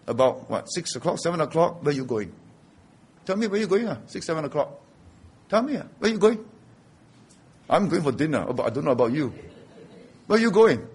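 A man preaches a sermon in a higher, husky voice. He talks conversationally with his listeners, then builds to forceful, emphatic declarations. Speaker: pastor.

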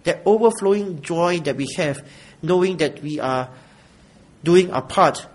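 A male pastor, preaching a sermon in an animated way and acting out the people he describes. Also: fairly high pitch, a little slow, low-quality recording. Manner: animated, acts out grudging givers in a whiny voice, then drops quiet.

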